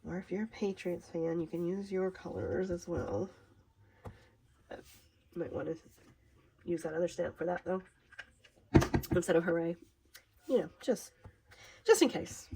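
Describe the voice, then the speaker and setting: A woman with a Minnesotan accent walks through a craft project in a loose, rambling, chatty way. Her voice sits a little low, with a gravelly edge and a husky, breathy grain. She keeps laughing at her own slips as she goes. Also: fairly even intonation, normal speed, long pauses, mellow, rough recording. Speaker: craft demonstrator. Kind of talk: casual craft tutorial.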